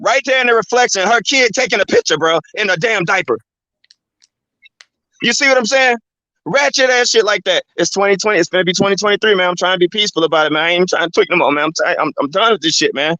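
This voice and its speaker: A man with a high, pushed, bright voice talks at a quick pace, hosting his channel in a dull, lo-fi, dry recording with no echo. His casual monologue is a rambling, profanity-filled rant, filled with "man" and "you know what I'm saying."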